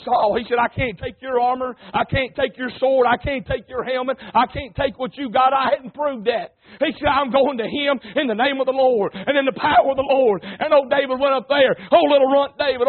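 A man preaching a folksy, emphatic sermon and calling on the congregation. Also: very high-pitched. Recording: tinny phone-like sound.

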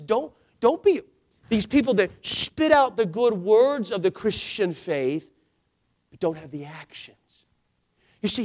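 High-voiced impassioned male preacher. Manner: impassioned preaching, swinging from loud to hushed; drawn-out emphatic phrases. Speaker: pastor. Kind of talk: sermon.

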